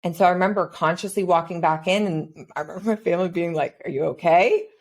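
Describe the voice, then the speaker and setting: Reflective woman podcast host, lowish voice. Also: steady tone, fast. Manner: reflective, retelling her own past thoughts. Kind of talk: casual podcast conversation.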